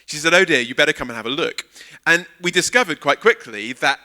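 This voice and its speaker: A man giving a sermon at a church service, his voice very bright and his pitch swinging widely as he tells a story. He acts out each quoted line with lively energy, and his voice sits somewhat high for a man. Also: brisk. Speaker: guest preacher. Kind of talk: sermon with a humorous personal anecdote.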